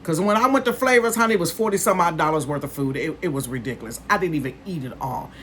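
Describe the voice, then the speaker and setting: A woman in her fifties chatting casually to her viewers as a vlogger, calling them "honey" and "you guys" and bursting into excitement. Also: sits low, fast, slight background noise. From northern United States. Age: 50s.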